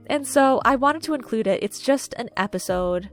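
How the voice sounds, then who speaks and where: A woman chatting casually to camera while ranking movies, gushing and filling pauses with "um" and "like". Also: a little high, lively intonation. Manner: chatty, gushing, many fillers. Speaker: video creator ranking movies. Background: faint background music.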